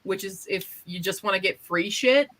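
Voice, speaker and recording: A woman in casual chat, an animated storyteller who swears freely and acts out quotes. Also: mid-range voice, normal speed, rough recording.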